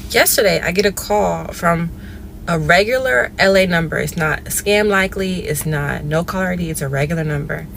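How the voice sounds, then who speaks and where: Woman from Georgia, casual storyteller, animated, re-enacts dialogue. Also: moderate pace, creaky, slight background noise. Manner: animated, re-enacts phone dialogue with big pitch jumps. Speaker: storyteller in a viral clip.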